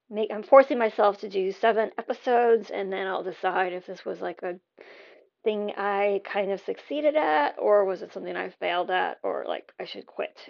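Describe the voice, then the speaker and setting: A woman's voice: medium pitch, vocal fry, highs cut off. An American woman hosting a podcast, talking casually and thinking aloud, often correcting herself mid-sentence. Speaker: podcast host. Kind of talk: casual rambling TV recap.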